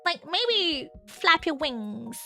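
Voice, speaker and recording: A giggly, excitable woman chats with her viewers as a stream host. Her voice is very high and bright, swooping up and down. Soft music plays faintly behind her. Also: very slow, creaky. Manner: giggly, excitable, talks to chat. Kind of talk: casual chat with live chat.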